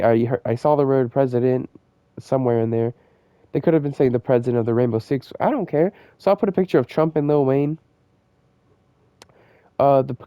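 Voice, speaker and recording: A man's voice: medium pitch, dry recording. A young man casually telling a rambling story, full of slang, fillers and side tracks. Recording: dull lo-fi dry recording.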